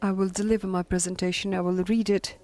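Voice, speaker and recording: A woman historian with a German accent delivers a lecture read from prepared notes, at a middling pitch. She moves along haltingly and pauses often on fillers. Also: little pitch movement, mellow.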